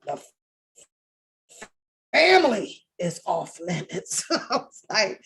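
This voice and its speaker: A woman's voice: a little high, very animated, unhurried, long pauses, slightly rough. Rambling, profane woman commenting. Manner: rambling, profane, laughs often, many restarts. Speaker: reaction channel host. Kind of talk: casual commentary on a reality show.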